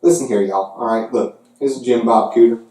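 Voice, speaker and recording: A loud, preachy Southern good ol' boy, as a podcast host puts him on, drawling his scolding in a mellow, low-key tone. The voice is caught from a distance in an echoey room. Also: fairly quick, close to an everyday voice. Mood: mocking lecture. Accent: Southern US (put on).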